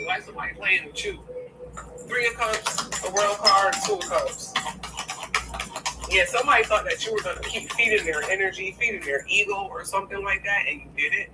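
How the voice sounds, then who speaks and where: A woman's voice: mid-range voice, moderate pace, over loud music. A woman giving a casual tarot reading to her viewers, blunt and profane, often asking "okay?". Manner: keeps checking in with "okay?". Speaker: tarot reader. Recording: distant mic with steady background noise.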